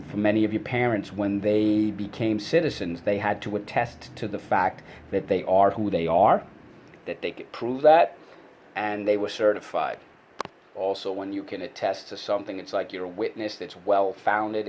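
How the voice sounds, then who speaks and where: Lively low-voiced male teacher drilling vocabulary. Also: a little hiss or hum. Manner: animated, call-and-response drilling; explains with many fillers and restarts. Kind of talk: vocabulary lesson for kids.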